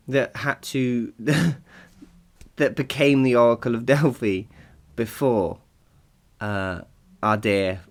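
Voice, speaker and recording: A man hosting a casual solo podcast, chatty and rambling, laughing often and poking fun at himself. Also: mid-range voice. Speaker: podcast host.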